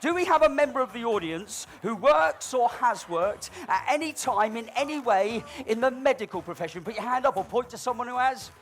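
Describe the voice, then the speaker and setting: A man doing live comedy balloon modelling on stage, teasing an audience member with cheeky, mock-dramatic patter that swings between loud announcements and low asides. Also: expressive, a little fast, hardly any pauses, slight background noise.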